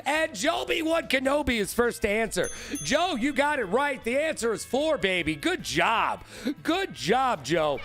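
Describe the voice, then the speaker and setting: A man hosting a live-streamed trivia show, hyped and playful, shouting out viewers by name. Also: very high-pitched, sing-song, unhurried, faint music behind.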